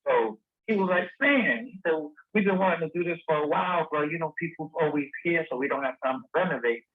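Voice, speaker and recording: A man guest telling a lively story in a casual interview, acting out the dialogue he quotes. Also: on the high side, quick pace. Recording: tinny phone-line sound.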